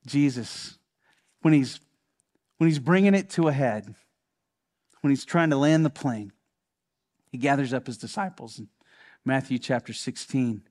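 A male pastor preaching a sermon with passion. He repeats phrases for emphasis and sometimes drops to a hush. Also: medium pitch, measured pace, long pauses.

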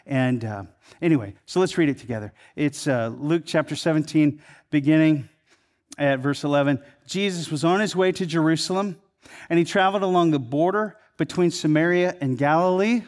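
High-voiced man preaching a conversational sermon. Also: normal speed, darkish tone. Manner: conversational preaching, rising to emphatic peaks then dropping low. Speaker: pastor.

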